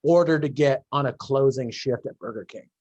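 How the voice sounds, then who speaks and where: A podcast host in casual chat over a video call, riffing with jokey comparisons and asking questions. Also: male voice, medium pitch, moderate pace, darkish tone, dry recording, dull audio.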